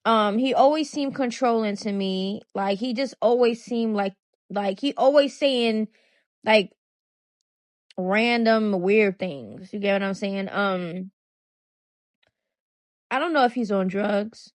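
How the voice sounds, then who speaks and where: A woman's voice: mid-range voice, slow pace, long pauses, dry recording. A woman giving casual commentary on a clip, chatty and hesitant with many fillers. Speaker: commentary channel host.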